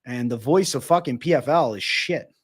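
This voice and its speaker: A man's voice: medium pitch, moderate pace, breathy edge. A man hosting a casual fight-sports livestream, reading out chat questions and answering with frequent swearing. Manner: profane, casual, reads chat questions aloud. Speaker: MMA livestream host.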